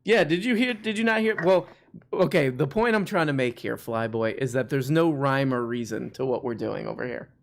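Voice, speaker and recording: A man's voice: mid-range voice, normal speed, gravelly. A young man hosting a live call-in show, joking easily with callers in casual banter and laughing often.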